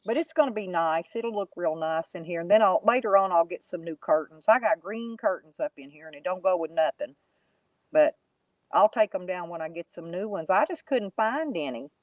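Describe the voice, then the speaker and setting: A woman's voice: lowish voice, lively intonation, normal speed, no room sound, lo-fi sound. A woman, chatting casually to live viewers in a rambling, folksy, mocking way. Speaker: YouTube live streamer.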